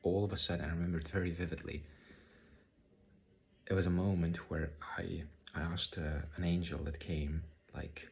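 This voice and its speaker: A man telling a personal spiritual story in a halting way, often repeating words and using many fillers. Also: low-pitched, fairly even intonation, creaky, darkish tone, a little hiss or hum. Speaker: spiritual vlogger. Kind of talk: personal testimony monologue.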